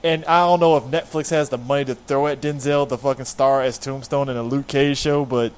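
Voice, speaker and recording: A man's voice: medium pitch, steady tone, fairly quick, clean tone. A man hosting a casual film chat podcast, laid-back and swearing freely, often trailing off and restarting. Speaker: podcast host.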